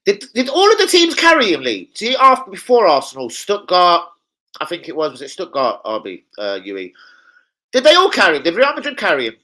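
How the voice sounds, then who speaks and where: In a high-pitched, brisk voice, a young man rants casually about football for his fan channel. He curses heavily, talks in slang and drops into impressions of people, all animated. The recording quality is low.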